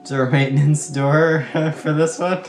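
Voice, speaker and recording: A man's voice: fairly high pitch, level tone, normal speed, reverberant, music in the background. A man playing a tabletop game, casually declaring his character's actions. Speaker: player.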